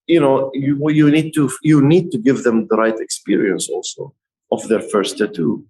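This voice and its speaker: A middle-aged man, a tattoo artist guest on a podcast, telling stories in an animated way and often laughing. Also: mid-range voice, normal speed, rough recording. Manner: laughs often, lively retelling. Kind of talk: animated storytelling.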